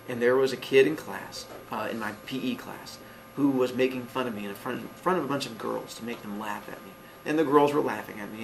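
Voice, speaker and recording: A man's voice: mid-range voice, gravelly, a bit bright, a little hiss or hum, rough recording. A man, a teacher, giving an earnest motivational talk to his students and pressing them with rhetorical questions. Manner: earnest, emphatic, asks repeated rhetorical questions.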